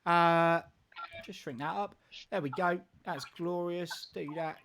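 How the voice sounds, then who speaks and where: A man's voice: fairly high pitch, fairly even intonation, slow, a bit bright, a little hiss or hum. A man hosting a casual football live stream, rambling and jokey with frequent restarts. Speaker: football show host.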